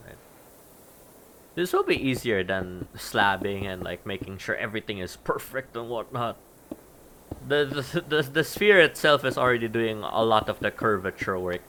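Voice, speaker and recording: A man's voice: fairly low pitch, sharp tone, slight background noise. A man streaming a game and chatting casually, thinking aloud about what he is building and poking fun at himself. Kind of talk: casual gameplay stream talk.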